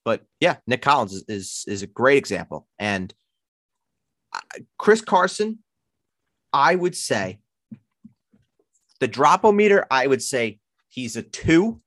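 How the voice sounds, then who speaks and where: A man with a Long Island accent hosting a casual sports chat, playful and animated. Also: slow pace, long pauses, no room sound, clean studio sound. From Long Island, New York. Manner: animated, playful, jumps between high and low pitch. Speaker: podcast host.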